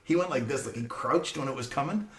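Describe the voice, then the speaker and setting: A man's voice: mid-range voice, fast, reverberant. A man in his fifties, a former teacher and coach, telling a story on a podcast with laughter and acted-out scenes. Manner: animated, laughing, acts out scenes. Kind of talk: casual storytelling.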